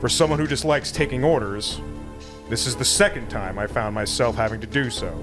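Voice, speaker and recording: A man voicing a terse female bounty hunter, reading the game's narration in a plain, steady way over game music. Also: mid-range voice, fairly quick, pitched below the performer's own voice, lightly acted. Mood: reflective. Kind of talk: reading game dialogue aloud.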